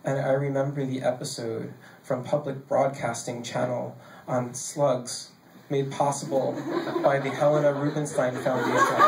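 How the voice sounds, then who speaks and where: A man reading his own poems live on a stage mic, casual and joking between pieces and measured while reading. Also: medium pitch, background noise. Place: basement bar venue, live. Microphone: handheld stage mic. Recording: echoey basement room.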